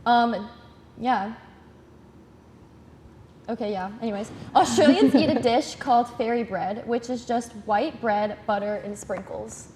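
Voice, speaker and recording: A woman's voice: fairly high pitch, a little slow, pauses often, a little mellow. A young woman hosting a casual trivia game in a college TV studio, chatty and giggly. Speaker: game show host. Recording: echoey studio, faint noise.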